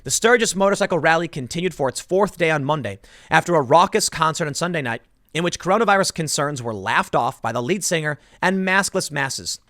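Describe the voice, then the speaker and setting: A man giving opinionated, sarcastic commentary for his vlog in an emphatic, animated way. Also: a little high, a little fast, no echo. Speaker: political commentator. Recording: dry close-mic sound.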